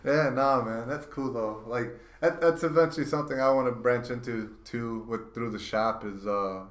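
A man's voice: medium pitch, moderate pace, a bit bright. A man co-hosting a podcast, chatting in a laid-back, agreeable and joking way. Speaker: podcast co-host. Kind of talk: casual podcast chat. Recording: echoey room.

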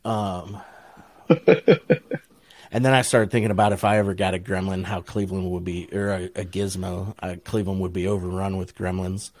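A man's voice: low-pitched, level tone, moderate pace, no echo. Laid-back, profane Ohio man storyteller. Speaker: podcast co-host. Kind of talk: casual chat, storytelling.

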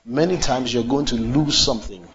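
A man's voice: mid-range voice, moderate pace, a bit bright, dull audio. A man preaching a sermon, asking the congregation questions and leading call and response.

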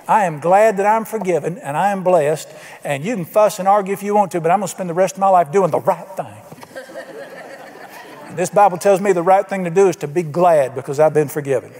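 High-voiced preacher in a reverberant hall. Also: male voice, fairly quick, a little mellow. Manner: folksy storytelling preacher, acts out quotes. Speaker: pastor. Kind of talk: sermon. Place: church sanctuary. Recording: long reverb of a church hall.

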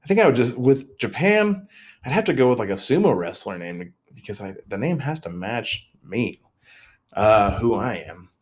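A man's voice: mid-range voice, very animated, moderate pace. A young man hosting a casual solo podcast, rambling and joking at his own expense, often trailing off and restarting. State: mentally tired. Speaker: podcast host.

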